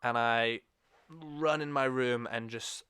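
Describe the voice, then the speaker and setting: A man hosts a casual podcast chat, his voice smooth and clean. He rambles through his stories and corrects himself as he goes. The sound is close and dry, with no room around it. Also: medium pitch, fairly even intonation, slow, bright, forceful tone, no echo. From England. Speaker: podcast host.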